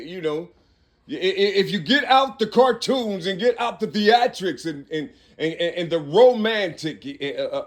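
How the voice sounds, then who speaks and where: In Cincinnati, Ohio, a man records himself in a rambling monologue, working aloud through numbers and letters. He restarts haltingly and keeps asking "you see?" His voice sits high.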